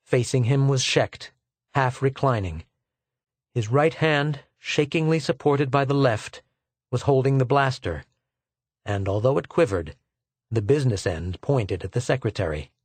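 A man reading a science fiction story aloud in a measured, dramatic way. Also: mid-range voice, expressive, breathy edge, dry recording. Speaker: audiobook narrator. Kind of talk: scripted fiction narration.

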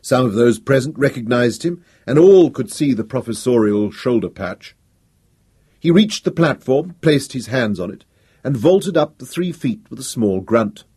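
A man narrating a story in an expressive, dramatic storytelling style. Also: medium pitch, measured pace, slightly rough. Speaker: audiobook narrator. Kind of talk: scripted narration.

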